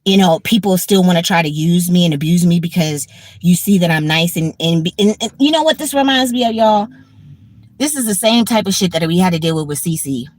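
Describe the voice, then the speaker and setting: A woman in her fifties hosts a livestream, sounding tired and blunt as she talks casually, swearing and repeating herself. Her voice sits on the low side, moves a little fast, and has a slightly mellow quality with no room sound.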